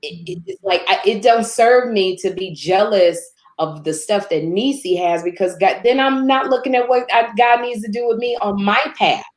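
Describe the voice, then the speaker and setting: A woman from Chicago, a guest telling lively stories in casual chat, laughing and acting out quotes. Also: normal speed, hardly any pauses. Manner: animated, laughs often, acts out quotes in higher voice. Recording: roomy echo.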